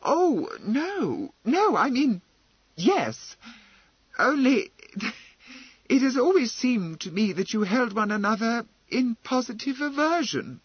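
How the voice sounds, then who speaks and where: A man voicing a gentle, flustered young widow who speaks in a fluttery, anxious and tender way. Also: extremely high pitch, sing-song, slow, husky, dry recording, dull audio, pitched above the performer's own voice, exaggerated voice.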